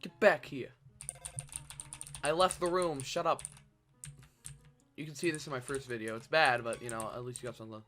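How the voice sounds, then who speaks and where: A man giving casual let's-play commentary, excitable and rambling, breaking into restarts and shouts. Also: medium pitch, moderate pace, pauses often, faint music behind. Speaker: gameplay channel host.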